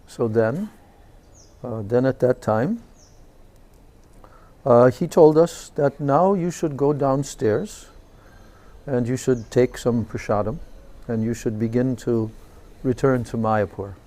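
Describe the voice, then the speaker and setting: A man, a swami, recounting a personal memory in a slow and reverent devotional talk. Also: medium pitch, mellow. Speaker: swami giving a spiritual talk. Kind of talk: devotional storytelling lecture.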